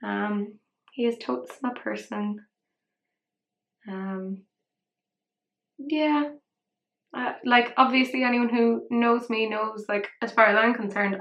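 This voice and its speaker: A woman's voice: mid-range voice, vocal fry, fairly bright tone. A young woman talking through a makeup tutorial in a rambling, self-mocking way. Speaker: beauty vlogger. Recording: roomy echo.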